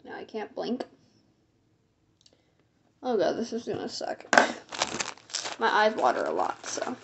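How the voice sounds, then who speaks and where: A woman's voice: mid-range voice, huge pitch swings, unhurried, creaky, slight background noise. A young woman casually narrating her makeup as she applies it, chatty and self-amused, sometimes dropping to a whisper. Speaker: makeup vlogger. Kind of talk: casual makeup tutorial chat.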